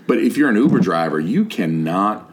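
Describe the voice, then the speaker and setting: A middle-aged man telling a story in casual comedic podcast chat, profane and animated. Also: fairly low pitch, normal speed, a little hiss or hum. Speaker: podcast host.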